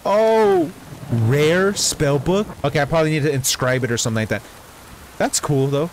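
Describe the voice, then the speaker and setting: A man streaming a game, talking casually and reacting with excited exclamations and sudden high yelps. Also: moderate pace, a little hiss or hum. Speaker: gaming streamer. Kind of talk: casual gameplay commentary. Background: background music.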